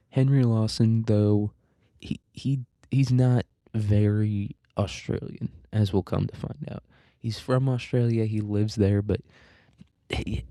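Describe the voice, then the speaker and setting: Male podcast host, low, dark and mellow, dry booth sound, loose rambling delivery with fillers. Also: no room sound. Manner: rambling and offhand, crude jokes, frequent fillers and restarts. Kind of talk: casual solo podcast monologue.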